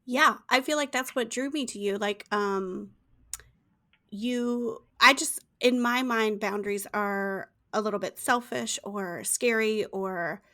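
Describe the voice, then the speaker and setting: A woman's voice: mid-range voice, slow, pushed and bright. A woman hosting a podcast, asking questions in an easygoing way with lots of fillers and hesitations. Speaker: podcast host. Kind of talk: casual interview chat.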